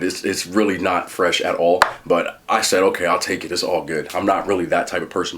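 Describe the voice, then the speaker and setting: A man talking casually while eating and reviewing fast food, chatty and animated, pausing to chew. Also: lowish voice, slight background noise.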